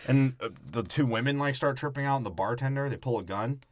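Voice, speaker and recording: A man's voice: mid-range voice, quick pace, no room sound, studio quality. A man co-hosting a podcast, breaking down a movie in casual, crude, profane jokes. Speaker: podcast co-host.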